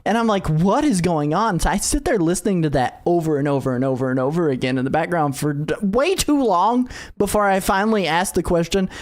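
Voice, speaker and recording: A man in his thirties co-hosts a podcast, his high, expressive voice racing along with hardly any pauses. In casual chat, he rambles through a long story packed with fillers, acting out the quotes as he goes.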